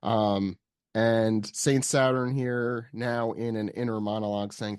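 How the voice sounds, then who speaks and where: Man, podcast host, mid-pitched, halting and easygoing, passes the floor to others, recorded dry and close. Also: dry recording. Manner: relaxed, hesitant, many ums, hands off to co-hosts. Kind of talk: casual chapter recap chat.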